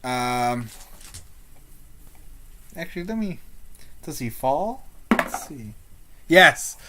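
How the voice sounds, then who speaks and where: A tabletop game master narrating a session at an unhurried, slow pace. The speech is halting and loose, full of fillers and pauses while deciding what happens next. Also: mid-range voice, big pitch swings, heavy background noise.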